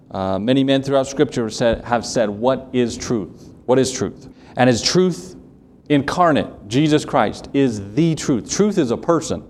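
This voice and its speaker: A man's voice: medium pitch, darkish tone. A man preaching a sermon as pastor, emphatic and repetitive, putting questions to his congregation.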